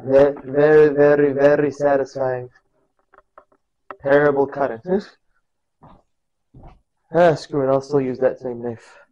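A man's voice: medium pitch, steady tone, measured pace, pauses often, dark tone, lo-fi sound. A man in his own kitchen casually narrating a cooking vlog, goofy and rambling, laughing at himself as he goes. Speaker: cooking vlogger. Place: home kitchen.

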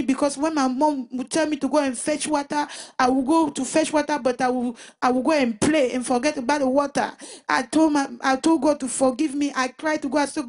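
A woman giving a personal Christian testimony in an emotional, halting way, often restarting and repeating her words. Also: high voice, fairly even intonation. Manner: emotional retelling.

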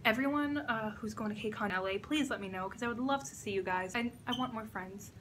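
A young woman talks straight into her camera in a casual reaction vlog, excitable and gushing, with a bright, forceful voice. She swears freely as she reacts, recorded on a camera mic indoors at a friend's house. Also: fairly high pitch, a little fast, a little hiss or hum. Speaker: reaction vlogger.

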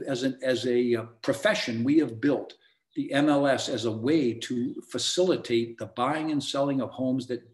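A man's voice: mid-range voice, a little mellow. A man teaching a sales seminar for real estate agents, with an emphatic coaching delivery. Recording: echoey room.

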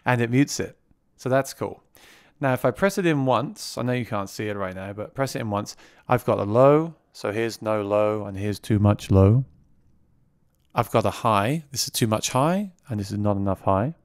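A man's voice: lowish voice, expressive, moderate pace, smooth, no echo, studio quality. A man giving a casual product demo, talking into a vocal mic routed through the mixer he is reviewing, chatty and repeating words as he restarts. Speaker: gear reviewer. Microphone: vocal mic routed through the mixer being reviewed.

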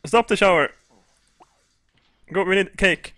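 A man doing let's play commentary on a game, excitable and crude, with loud shrieks and laughter. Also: sits high, unhurried, dry recording. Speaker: gaming video host.

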